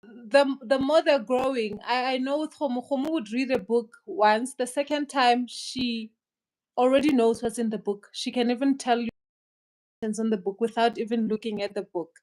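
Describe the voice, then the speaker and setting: High-voiced woman hosting a casual chat. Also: steady tone, normal speed, darkish tone, low-quality recording. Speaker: host.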